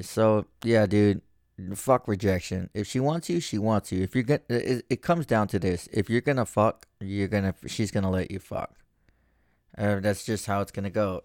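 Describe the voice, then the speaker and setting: A man's voice: fairly low pitch, darkish tone, dry recording, studio quality. A man hosting a podcast in casual chat, rambling and swearing freely. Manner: profane, rambling. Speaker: podcast host.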